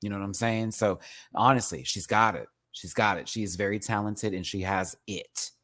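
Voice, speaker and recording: A man from Houston hosting a casual livestream review, talking in an animated, campy and profane way with lots of fillers. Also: lowish voice, moderate pace. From Houston, Texas. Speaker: livestream show host.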